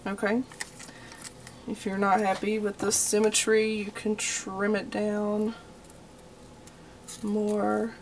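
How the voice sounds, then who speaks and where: A woman's voice: mid-range voice, completely flat delivery, slow, long pauses, a little hiss or hum. A young adult woman with a Texan accent giving a homey, chatty crafting tutorial, full of y'all and okay. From Texas.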